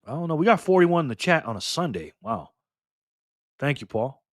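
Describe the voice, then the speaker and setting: A middle-aged man hosting a casual live stream, lively and teasing, laughing often as he reacts to chat. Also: on the high side, moderate pace, dry recording, clean studio sound.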